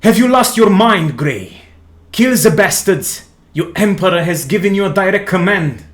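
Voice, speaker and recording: A man voicing an angry, scornful male knight who shouts at a raised pitch. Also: animated, moderate pace.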